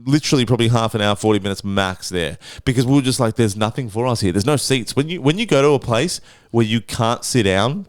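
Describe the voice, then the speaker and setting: A man, a podcast co-host telling travel stories in casual chat, animated and full of swearing. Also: mid-range voice, quick pace, dry recording, studio quality. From Australia. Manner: animated, swears a lot, acts out voices in anecdotes.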